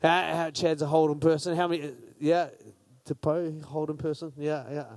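A man speaking to a crowd, playful and energetic as he polls the audience with quick questions. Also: on the high side, no room sound. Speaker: speaker at a church gathering. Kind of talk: lively talk to a crowd.

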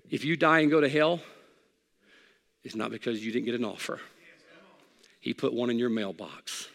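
A middle-aged male pastor preaching a sermon, conversational and emphatic, shifting from loud peaks to soft pleading. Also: mid-range voice, big-room sound. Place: church sanctuary.

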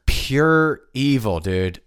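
A male podcast host chats in an animated, joking way, swearing freely as he riffs. His voice sits at an ordinary pitch and sounds dry and close on a studio mic. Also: drawn-out words, clean tone, no echo. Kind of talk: casual podcast chat. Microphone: studio microphone.

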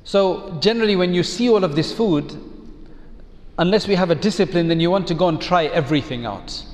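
A man giving a measured, reflective sermon as an Islamic preacher, using rhetorical questions. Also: high voice, darkish tone, in a large hall.

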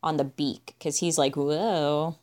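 Low-pitched woman, casual podcast co-host, dry and offhand. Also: a little slow, darkish tone. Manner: dry, musing, trails off with "I guess". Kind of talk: casual movie discussion.

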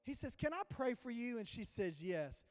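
A man preaching a sermon as a pastor, telling a story with sudden swings in loudness. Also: very high-pitched, very animated, moderate pace. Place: church sanctuary. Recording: long church reverb.

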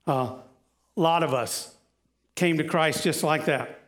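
A man's voice: a little high, a little slow, a bit bright. A man preaching a conversational sermon, often asking the congregation questions, with frequent "uh"s and restarts.

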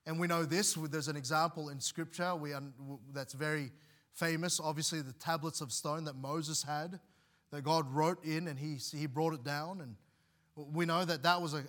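Pastor guy preaching, bright ringing voice, bit high, keeps restarting his words. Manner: earnest, repeats words and restarts, reads scripture aloud. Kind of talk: sermon.

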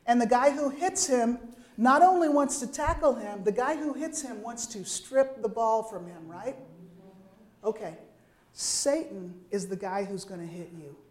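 An older woman preaching a sermon in a conversational, lively way, often checking in with her listeners with quick asides. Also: on the high side.

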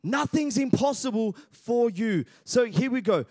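A man's voice: very high-pitched, a little slow, no echo, studio quality. A man preaching a sermon, energetically acting out voices and calling out to the congregation. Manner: lively preacher, acts out Bible voices, calls on the congregation. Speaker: pastor.

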